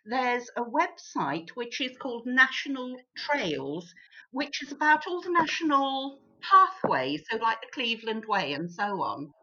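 A woman from England telling holiday stories in a casual chat with friends, animated and chatty. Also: fairly high pitch, measured pace. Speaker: group member sharing stories. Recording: dull lo-fi sound.

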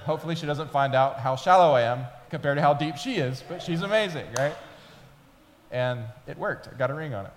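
A man's voice: on the high side, brisk, a little hiss or hum. A man in his thirties preaching a sermon as pastor, telling stories conversationally and building in intensity. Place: church sanctuary. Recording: long hall reverb.

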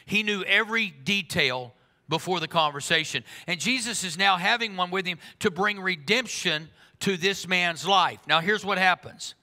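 A man preaching a sermon in an earnest way, slowing down for emphasis and speeding up for asides. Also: high voice, pushed and bright. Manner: earnest, shifts between slow emphatic lines and quick asides. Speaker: pastor. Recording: long reverb of a large hall.

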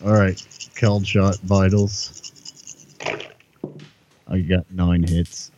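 A man's voice: low voice, level tone, extremely slow, noisy background. A man playing a tabletop game, blunt and matter-of-fact. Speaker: player. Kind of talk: casual tabletop play.

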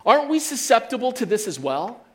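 Middle-aged male pastor, higher-pitched, animated sermon delivery with frequent audience check-ins. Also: brisk. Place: church sanctuary.

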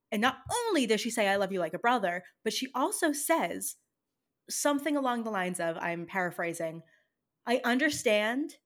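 A young woman co-hosting a podcast, speaking in a measured way that turns indignant as she recalls a film scene. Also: medium pitch. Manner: measured, then indignant when quoting. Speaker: podcast co-host. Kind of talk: casual podcast chat.

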